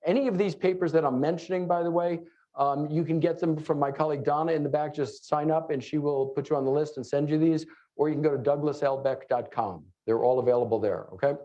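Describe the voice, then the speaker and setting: A middle-aged man from New York City with a New York accent, giving a fast, joking conference talk full of fillers. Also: on the high side, steady tone, mellow. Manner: fast-talking, joking asides, many fillers. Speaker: conference lecturer. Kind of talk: live conference presentation. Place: conference room before an audience. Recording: dull lo-fi room recording.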